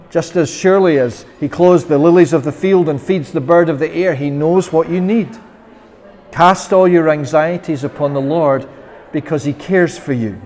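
In a church with long reverb, a Scottish minister preaches earnestly, now and then voicing prayers with sudden passion. His voice is a little high and darkish.

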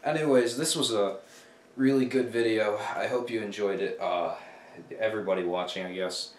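A man's voice: on the low side, moderate pace. A young man casually rambling through a jokey retelling of a story, often breaking off mid-thought. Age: young adult. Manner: rambling, self-interrupting, jokey. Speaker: student video maker. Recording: echoey room with music.

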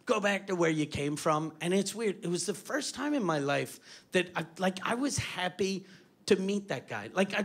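A man from Quebec, doing a stand-up comedy set on a club stage, telling animated, profane stories full of restarts. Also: high voice. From Quebec, Canada. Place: comedy club stage before a live audience.

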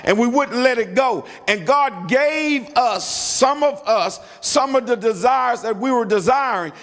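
Man, middle-aged pastor, high voice, sermon, emphatic repetition, calls to the congregation, long church reverb. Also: animated, a little slow, a bit bright. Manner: emphatic preaching with repeated words and calls to the congregation.

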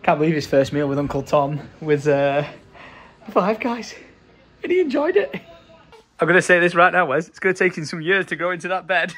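A man gushes his way through a casual home vlog. His voice swings widely in pitch and he laughs often, bubbling with excitement. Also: fairly quick. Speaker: vlogger.

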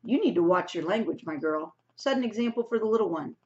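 A woman's voice: medium pitch, lively intonation, a little mellow, lightly acted. A woman reading as a stern older housekeeper. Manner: firm, measured, warning. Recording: dull lo-fi recording.

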